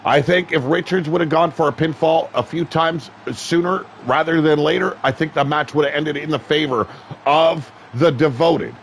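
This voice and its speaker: A man calling a wrestling match play-by-play, excitable and profane, often shouting. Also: on the high side, normal speed, slight background noise. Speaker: wrestling commentator. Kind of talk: play-by-play commentary.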